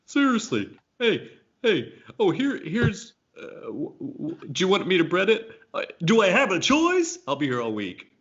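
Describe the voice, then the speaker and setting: A man's voice: high-pitched, huge pitch swings, measured pace, a bit bright, breathy edge, highs cut off, voice pushed up, heavily acted. A man putting on the voice of a corny stand-up comedian doing a cheesy bit. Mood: hammy.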